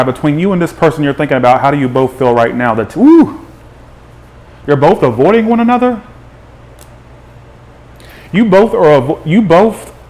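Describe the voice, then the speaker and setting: A man hosting a live tarot reading, chatty and animated, greeting viewers by name as he talks. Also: a little high. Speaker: tarot reader.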